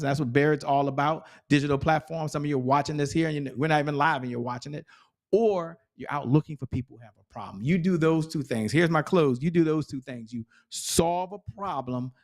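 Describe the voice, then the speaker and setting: Emphatic motivational man coaching on sales. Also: a little high. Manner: enthusiastic, emphatic repetition. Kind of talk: motivational talk.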